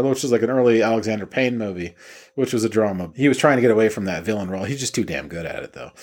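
A male film reviewer talking in a loose, meandering style at an everyday mid pitch. He wanders from point to point and drops casual profanity as he goes. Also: darkish tone. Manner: rambling and digressive, casual profanity. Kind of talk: casual movie comparison review.

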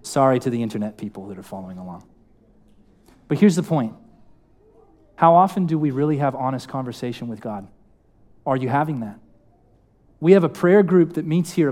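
A man's voice: on the high side, mellow. Young man preaching conversationally. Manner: conversational, asks the congregation questions. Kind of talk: sermon. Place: church hall.

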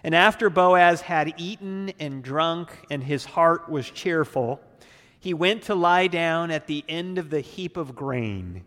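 A man preaching as a pastor, teaching through a Bible passage in a relaxed, casual way, acting out the characters' lines. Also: fairly high pitch, slow pace, long reverb tail.

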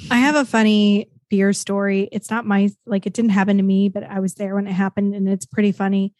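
A woman, a teacher, chatting casually and telling a quick story. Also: mid-range voice, flat delivery, darkish tone, dry recording. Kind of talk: casual conversation.

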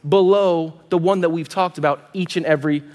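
A man in his thirties, a pastor preaching a sermon and telling a personal story in an animated way, with quick asides to his congregation. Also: a little high. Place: large church hall. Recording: long hall reverb.

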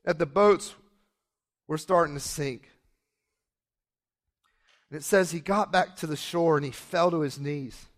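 A man's voice: a little high, unhurried, long pauses. A man preaching a sermon, retelling a story and acting out the characters' lines in different voices.

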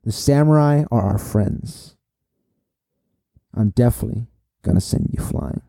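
A man's voice: mid-range voice, lively intonation, a little slow, vocal fry, mellow, no room sound, clean studio sound. A man reading a defiant young pirate captain.

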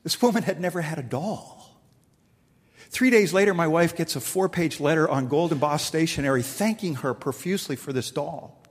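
A man's voice: on the high side, expressive, normal speed, husky, big-room sound. A middle-aged man preaching a sermon, telling a story and acting out the dialogue with rising emphasis. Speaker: pastor.

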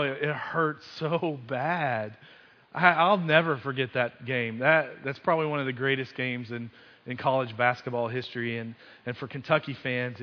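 A male pastor giving a conversational sermon, telling the story with sports asides and frequent restarts. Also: medium pitch. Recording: dull sound with long hall reverb.

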